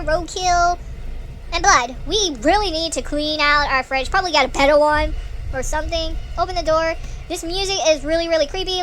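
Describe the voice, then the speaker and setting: A woman talks through a horror game in a chatty, excitable let's-play commentary, reacting aloud and laughing nervously. Her voice is high-pitched and bright. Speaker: gaming channel host.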